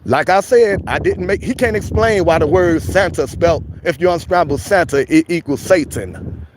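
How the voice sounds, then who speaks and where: A man's voice: fairly high pitch, moderate pace, background noise. A man hosting a casual livestream chat, preachy and repetitive, calling his viewers family. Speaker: livestream host.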